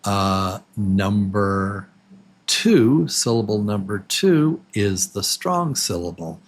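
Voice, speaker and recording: A man teaching English to absolute beginners, patiently repeating words slowly and counting syllables with the listener. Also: lowish voice, expressive. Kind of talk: slow, clearly spoken beginner English lesson.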